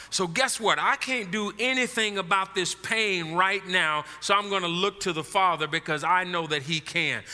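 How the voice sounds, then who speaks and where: A middle-aged man preaching a sermon as pastor, swinging from hushed tones to shouting. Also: sits high. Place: church sanctuary. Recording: long reverb of a large hall.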